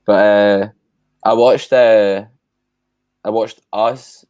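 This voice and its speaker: A man's voice: fairly low pitch, moderate pace, darkish tone, no room sound. A man chatting casually as a guest, rambling with lots of fillers and casual swearing. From Scotland. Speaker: musician guest. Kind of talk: casual chat.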